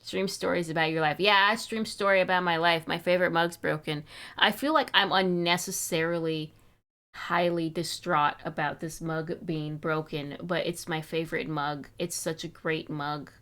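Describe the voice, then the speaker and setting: A woman's voice: low-pitched, steady tone, normal speed, pushed and bright. A young woman streaming live, chatting casually and fretting aloud in a rambling, wistful way, sounding a little sick.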